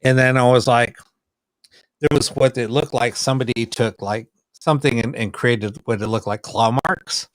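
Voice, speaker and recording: A man's voice: medium pitch, normal speed, no room sound, rough recording. Dry-voiced man telling a story. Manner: animated, acts out quoted dialogue. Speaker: podcast co-host, paranormal investigator. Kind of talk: casual storytelling chat.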